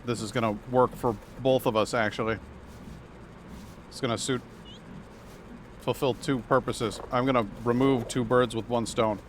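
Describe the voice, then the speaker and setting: A man's voice: mid-range voice, fairly even intonation, moderate pace, long pauses, a little hiss or hum. Playful man streaming a game. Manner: playful, chatty, slips into silly voices for characters. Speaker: livestreamer playing a video game. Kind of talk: casual gameplay commentary with read-aloud dialogue.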